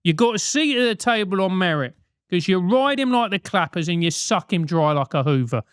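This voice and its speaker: A man's voice: sits high, lively intonation, fairly quick, clean tone, no room sound, clean studio sound. A British man hosting a comic advice show, talking bluntly with lots of swearing and mockery. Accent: British English. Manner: profane, blunt, mocking.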